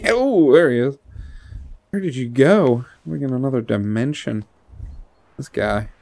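A man's voice: medium pitch, expressive, measured pace, creaky, dark tone. A man streaming a game, giving live commentary, laughing often and talking to the character on screen and to his viewers.

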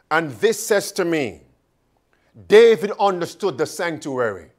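A man's voice: a little high, expressive. A man preaching a sermon, calling out questions to the congregation and stretching words for emphasis. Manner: calls and questions to the congregation, drawn-out emphatic phrases.

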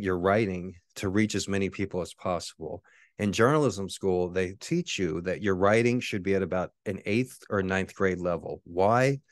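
A man's voice: low-pitched, no echo, clean studio sound. A man hosting his own show, talking in a rambling, profane monologue full of restarts. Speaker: podcast host and author. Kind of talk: casual monologue.

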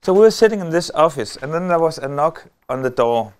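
A middle-aged man with a Danish accent tells a story from a conference stage. His voice sits a touch high and comes through smooth and clear. He hesitates often and fills the gaps with small sounds, keeping a wry edge. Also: animated. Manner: halting, many filler sounds, wry humor. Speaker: lecturer. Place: on a stage before an audience.

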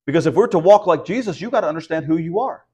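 A man's voice: fairly high pitch, expressive, quick pace, darkish tone, husky, lo-fi sound. A man, teaching the Bible at a house church. He preaches in an easy, conversational way, often asking the room rhetorical questions. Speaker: pastor.

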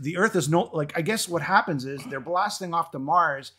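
Eager host with a slightly higher voice. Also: male voice, normal speed, sharp tone, slightly rough. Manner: enthusiastic, interjects and directs turns. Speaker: host of a metal album review roundtable. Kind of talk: casual panel discussion.

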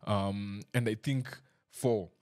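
A man's voice: lowish voice, steady tone, takes it slowly, a little mellow. A man hosting a podcast in a casual, chatty and self-deprecating way, joking with his listeners over a desk mic. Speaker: podcast host. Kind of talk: casual chat.

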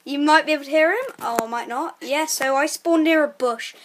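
A woman hosting a let's play, chatting casually and getting excitable, shrieking and laughing when the game goes wrong. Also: sits high, brisk, a little hiss or hum. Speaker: gaming channel host.

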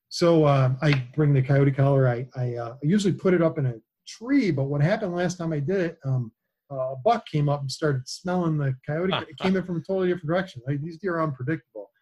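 Husky-voiced man telling a lively hunting tale. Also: mid-range voice, rough recording. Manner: animated storyteller who acts out quoted lines. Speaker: podcast guest. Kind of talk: casual hunting chat.

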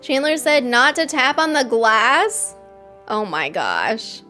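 A woman hosting a live stream, reacting excitedly to a game trailer, gushing and laughing often. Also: on the high side, slow, faint music behind. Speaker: host.

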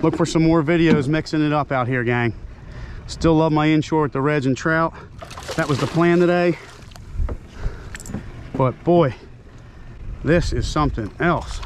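A man filming his own fishing trip from a kayak, talking excitedly to viewers and out of breath from fighting fish. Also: on the high side, unhurried, pauses often, a little hiss or hum. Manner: excited, exclaiming, talks to viewers while reeling. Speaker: fishing vlogger. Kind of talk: casual fishing vlog narration. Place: open water on a kayak.

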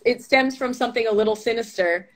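A woman's voice: on the high side, fast. A young woman telling stories as a guest in a casual interview, chatty and full of fillers, laughing often. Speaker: actress being interviewed.

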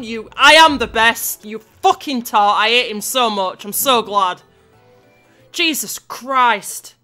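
A woman giving sweary, shouty, frustrated let's-play commentary over her gameplay. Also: high voice, lively intonation, slow pace, faint music behind.

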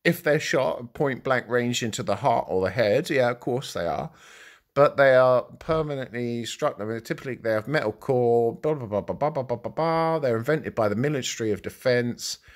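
A man reads an article aloud in a middle-pitched voice. He keeps breaking off to mock it with blunt, sarcastic asides. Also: moderate pace. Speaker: commentary vlogger. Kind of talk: reacting to a news article.

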